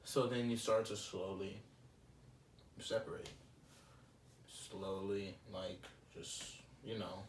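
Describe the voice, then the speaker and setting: A man's voice: lowish voice, steady tone, slow pace, pauses often. A young man talking casually in a solo podcast, rambling and reflective with lots of fillers. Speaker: podcast host. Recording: roomy, slightly distant mic with faint ambient noise.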